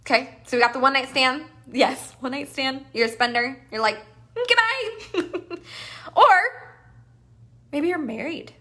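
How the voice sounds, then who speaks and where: A woman coach runs a live masterclass with a high, bright, forceful voice. She is animated and playful and slips into quick acted-out inner voices to make her points. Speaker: business coach.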